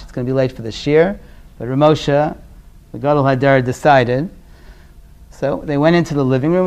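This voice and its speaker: In a lecture on parenting that feels like conversation, a man from Brooklyn, New York tells stories earnestly. His voice frequently sinks quiet and low.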